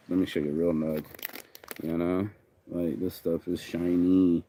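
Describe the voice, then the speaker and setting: A man's voice: low-pitched, steady tone, normal speed, mellow, slight background noise, low-quality recording. Laid-back rambling man vlogging outdoors. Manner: laid-back, rambling, peppered with "bro" and "you know". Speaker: vlog host. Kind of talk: casual rambling chat. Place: outdoors by a beach.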